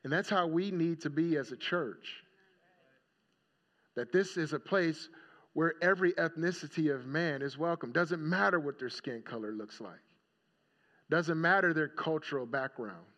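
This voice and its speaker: A man's voice: a little high, normal speed, fairly bright tone. A male pastor giving a sermon in a casual storytelling manner, often checking in with the congregation. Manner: conversational storytelling, checking in with "right?". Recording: dull lo-fi recording.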